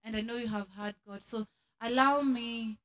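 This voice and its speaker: A Kenyan woman minister speaking earnestly and softly as she leads a closing prayer at a church service. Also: fairly high pitch, fairly even intonation, moderate pace. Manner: soft, earnest spoken prayer. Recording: loud music behind the voice.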